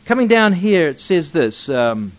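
A man giving verse-by-verse Bible teaching in a fairly high, very lively voice. He reads scripture aloud and then presses his points home with emphatic asides. The recording is dull and lo-fi. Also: measured pace.

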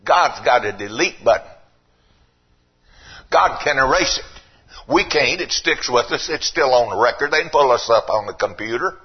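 An older man preaching a sermon, swinging from low and quiet to loud and emphatic. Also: animated, normal speed, slightly rough, muffled recording.

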